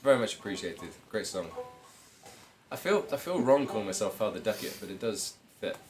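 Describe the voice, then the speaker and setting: A man from a folk band, the guitarist, chatting casually on a livestream in a relaxed, self-mocking way. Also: fairly low pitch, fairly quick.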